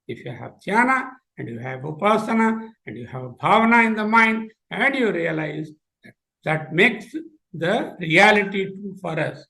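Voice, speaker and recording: A man with an Indian accent giving a spiritual lecture, explaining terms deliberately and repeating them to spell them out. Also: high voice, creaky, fairly bright tone, rough recording. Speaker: lecturer giving an endowment oration.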